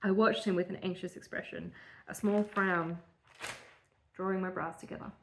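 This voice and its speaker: A woman with a fairly low voice reads her own old fiction aloud for a podcast. She reads plainly, with quick asides breaking in. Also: fairly even intonation, a little hiss or hum, low-quality recording. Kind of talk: casual chat and reading aloud.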